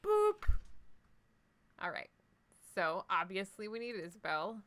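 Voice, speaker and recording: A woman livestreaming a game, talking in a loose, jokey way and answering her chat. Her voice is bright and pointed, with a middling pitch for a woman. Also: measured pace. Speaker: livestream host. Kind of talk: casual let's-play chat with live viewers.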